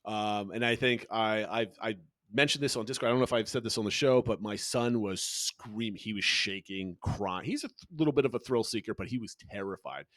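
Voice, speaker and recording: A middle-aged man co-hosting a podcast, telling trip stories in a lively chatty way with frequent restarts. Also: fairly low pitch, a little fast, dry recording. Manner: animated storytelling with frequent restarts. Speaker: podcast co-host, father. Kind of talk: casual chat.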